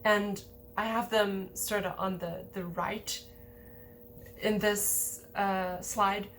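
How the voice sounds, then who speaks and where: A woman's voice: medium pitch, fairly even intonation, slow, a bit bright, slight background noise. A woman giving a casual lesson over slides, explaining in a chatty way with many fillers. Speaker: language teacher.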